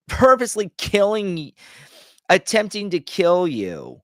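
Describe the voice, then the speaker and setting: A man's voice: a little high, huge pitch swings, measured pace, long pauses, fairly bright tone, no room sound, clean studio sound. A man streaming a reaction, ranting casually, stumbling over restarts and swearing freely.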